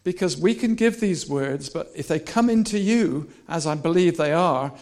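A male preacher giving a lively, animated sermon, swinging between soft, personal asides and repeated, shouted rallying cries. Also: a little high, normal speed. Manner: animated, shouting and laughing with the crowd.

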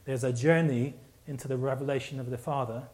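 A man's voice: medium pitch, fairly even intonation, a little fast, darkish tone. A man preaching a sermon, telling a personal story with many restarts and repeats.

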